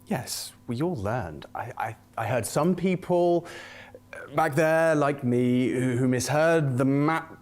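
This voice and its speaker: A man's voice: mid-range voice, slow pace, a little mellow, close to an everyday voice. An actor playing a flustered man hosting an interview, who stammers and trips over his words.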